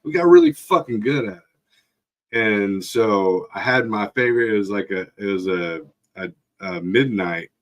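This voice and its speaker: A man tells crude stories in a casual chat, his voice sitting fairly low. He swears freely and often breaks into laughter. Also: big pitch swings, normal speed. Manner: profane, laughing storyteller.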